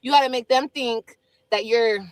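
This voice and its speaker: A woman co-host joins the chat in a laid-back, wry tone. Her voice sits a touch high, and she sounds relaxed and conversational. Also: normal speed, low-quality recording. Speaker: podcast co-host. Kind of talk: casual chat.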